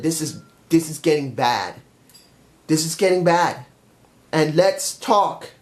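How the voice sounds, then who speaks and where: High-voiced man ranting in frustration. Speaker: wrestling show reviewer. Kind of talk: angry vlog rant.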